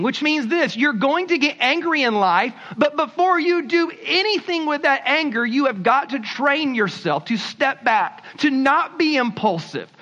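Animated high-voiced preaching man. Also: dull audio. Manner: animated, conversational preaching with acted asides. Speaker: pastor. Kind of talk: sermon.

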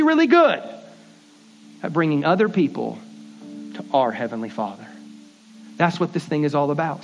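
A man preaching a casual, conversational sermon as pastor, repeating words and acting out quick bits of dialogue. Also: on the high side. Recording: dull lo-fi sermon audio.

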